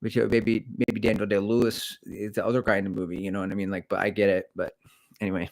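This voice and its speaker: A middle-aged man with a lowish voice talks on a casual livestream as a running coach. He rambles from one aside to the next and airs his opinions freely. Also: little pitch movement, fast. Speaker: running coach and channel host.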